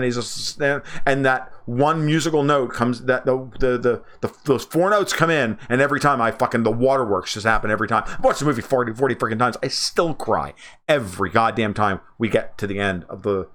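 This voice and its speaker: Livestream host, man in his forties; casual, profane, emphatic, full of restarts, voice jumps up on excited lines. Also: mid-range voice.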